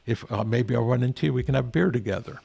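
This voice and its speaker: A man's voice: mid-range voice, quick pace, vocal fry, a little mellow, slightly rough, dry recording. An older man, a veteran guest, telling stories in a rambling, earnest way with frequent restarts. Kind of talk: casual storytelling interview.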